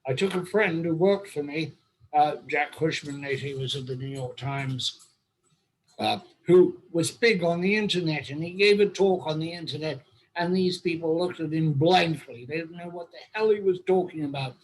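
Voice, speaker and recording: An older English host with an English accent leads an online roundtable, sharing long, wry, funny stories. His voice is a little high, at a moderate pace, and the audio quality is poor.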